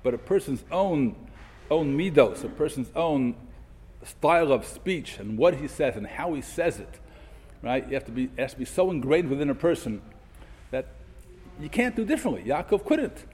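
Animated man teaching a Torah lesson. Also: a little high, normal speed, husky. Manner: mixes Hebrew quotes with English explanation, asks questions. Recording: echoey hall.

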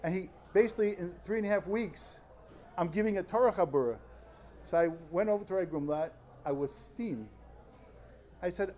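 A young man in his twenties, a yeshiva student, tells a personal story in an animated, earnest way before giving an informal Talmud lecture. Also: sits high, a little fast, pauses often. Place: study hall before fellow students.

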